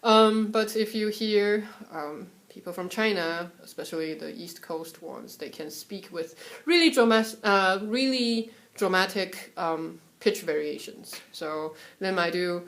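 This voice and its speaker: A young woman from Taiwan giving a casual, chatty lesson on Mandarin tones at home, sometimes singing syllables to show the pitches. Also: a little slow, hardly any pauses. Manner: relaxed, chatty, breaks off to soothe her cat; sings syllables and solfege to demonstrate tones. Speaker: Mandarin tone teacher.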